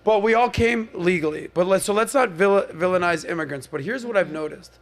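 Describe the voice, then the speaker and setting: A man from Miami hosting a podcast, telling stories in an animated, emphatic and conversational way. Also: high voice, a little fast. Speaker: podcast host. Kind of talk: casual panel discussion.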